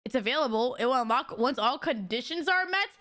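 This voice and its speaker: A woman streamer giving excitable, giggly commentary while playing a story game. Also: sits high, brisk. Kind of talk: game let's play commentary.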